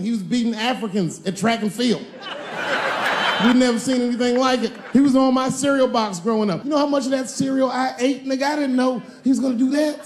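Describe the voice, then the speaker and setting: A man in his forties performs stand-up in a roomy live venue with a faint hum of ambience. His voice sits high for a man and swings up into shouted punchlines. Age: 40s. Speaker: stand-up comedian. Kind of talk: stand-up comedy. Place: comedy stage before a live audience.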